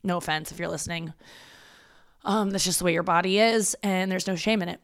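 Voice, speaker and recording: A woman's voice: on the low side, fairly even intonation, fairly quick. A young woman hosting a podcast alone, talking in a chatty, rambling way and swearing freely. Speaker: podcast host. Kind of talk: casual solo podcast monologue.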